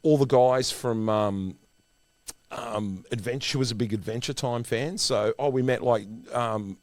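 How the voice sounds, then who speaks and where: A middle-aged man co-hosting a podcast, telling anecdotes in an animated way. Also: mid-range voice, a little slow, dry recording. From Australia. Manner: animated storyteller, acts out quoted voices. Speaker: podcast co-host. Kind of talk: casual chat, anecdotes.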